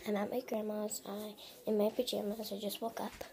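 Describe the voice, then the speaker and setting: A woman vlogging casually at her grandmother's house, often dropping to a hushed whisper and rambling in a hesitant, self-conscious way. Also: mid-range voice, flat delivery, normal speed, creaky, noisy background. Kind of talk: casual show-and-tell vlog.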